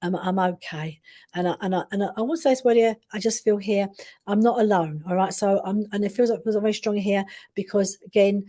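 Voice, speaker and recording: Fast, mellow-voiced woman medium. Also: mid-range voice, steady tone. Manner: rambling, full of restarts and repeated check-ins. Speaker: medium giving a reading. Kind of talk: live-streamed spirit reading.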